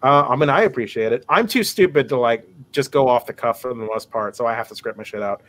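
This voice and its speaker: A man's voice: medium pitch, quick pace, fairly bright tone. A man, a guest creator, chatting casually on a podcast in a teasing, slangy manner.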